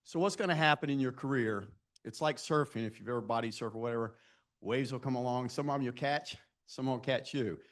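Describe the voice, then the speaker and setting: A brisk, medium-pitched male voice belongs to a man in his sixties speaking live to students. He leans on self-deprecating career anecdotes and regularly puts direct questions to the audience.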